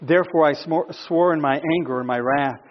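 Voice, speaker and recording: A male pastor with a high voice delivers a sermon, moving between calm explanation and emphatic, rising questions to his listeners. The recording is dull and lo-fi. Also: fairly quick.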